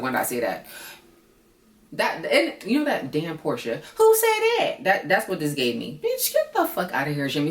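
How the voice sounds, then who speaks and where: Low-voiced woman ranting in an echoey room. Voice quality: blunt, profane, sassy. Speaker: reality TV reviewer. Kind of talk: casual ranting recap. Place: apartment at night, noisy renovations upstairs. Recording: echoey room, mic at a distance.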